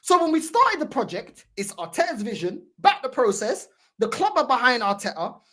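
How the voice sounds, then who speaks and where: Brief: woman host, high bouncy voice, heated mocking rant. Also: big pitch swings, normal speed, sharp tone. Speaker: fan channel host. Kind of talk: ranting reaction commentary.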